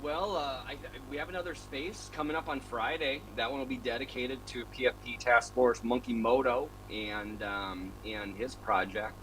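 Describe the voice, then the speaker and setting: A man's voice: mid-range voice, steady tone, moderate pace, few pauses, fairly bright tone, a little hiss or hum, rough recording. A man co-hosting a casual online chat, laid-back and jokey. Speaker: co-host.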